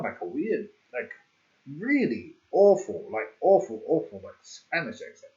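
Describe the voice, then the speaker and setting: A man's voice: mid-range voice, wildly swooping pitch, measured pace, a little mellow. Guy rambling on a game livestream, cracks jokes, muffled lo-fi mic. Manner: rambling, joking, laughs at himself. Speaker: game streamer. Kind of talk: casual livestream chat.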